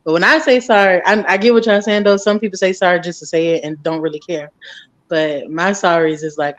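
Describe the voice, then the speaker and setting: A woman speaking softly and earnestly in a casual podcast chat. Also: lowish voice, steady tone, a little fast, no room sound.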